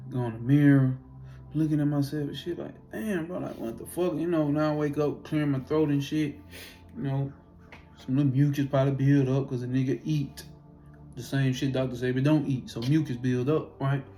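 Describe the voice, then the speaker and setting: A man telling a personal spiritual story in an animated, profane, casual way, acting out his own reactions. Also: mid-range voice, moderate pace, soft background music.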